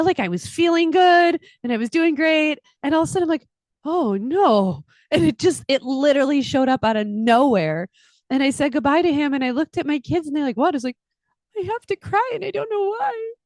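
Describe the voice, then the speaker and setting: A middle-aged woman co-hosting a podcast, talking casually in an animated storytelling manner and laughing often. Her voice sits a bit high, and the recording is dry and close with no room sound. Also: dry recording. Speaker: podcast co-host, astrologer. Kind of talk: casual chat.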